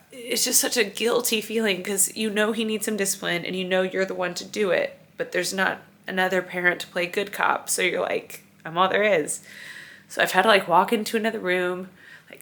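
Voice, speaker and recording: A weary, overwhelmed vlogger and mother in her thirties rambles emotionally in a confessional chat from her apartment during a move. She speaks at medium pitch, a bit bright, with vocal fry.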